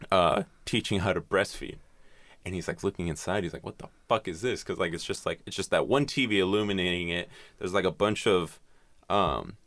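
With no echo, a low-voiced man whose tone is fairly bright chats casually as a podcast host. He rambles through a film's plot recap, swearing a lot and using many filler words.

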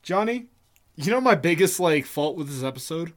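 Podcast guy joking and cursing, pretty high voice for a dude. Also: lively intonation, normal speed. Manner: joking, profane, emphatic. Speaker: podcast co-host. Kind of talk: casual podcast chat.

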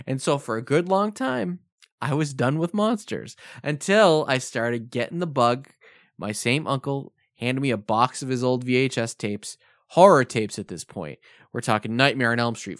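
A man spins a casual podcast story with a very expressive, rising and falling voice. He acts out quoted lines as he goes. The sound is dry and close. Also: a little high, no room sound. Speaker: podcast co-host.

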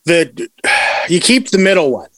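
Young male podcast host, rowdy late-night banter, high bright voice. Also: measured pace, a little hiss or hum. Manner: excitable, swearing, laughing often.

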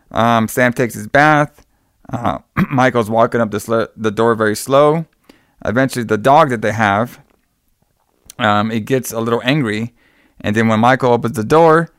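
A man's voice: mid-range voice, a bit bright, no echo, studio quality. A man in casual chat, rambling through a film plot scene by scene. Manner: rambling retelling with acted-out quotes. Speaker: podcast co-host recapping a film.

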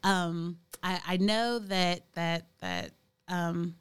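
Mom chatting on a podcast, lowish smooth voice, lots of ums and restarts. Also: female voice, steady tone, very slow. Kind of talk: casual chat.

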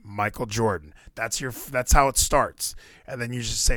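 A man's voice: medium pitch, steady tone, moderate pace, fairly bright tone, no echo, studio quality. A man hosting a casual chat, teasing a friend and switching into mock-inspirational speeches. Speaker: streamer host.

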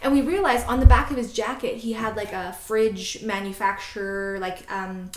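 A woman in her twenties from Canada, chatting casually on a podcast and telling a story in an animated way, acting out quotes. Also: medium pitch, echoey room, noisy background. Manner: animated, quick, laughing asides, acts out quotes. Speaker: podcast co-host.

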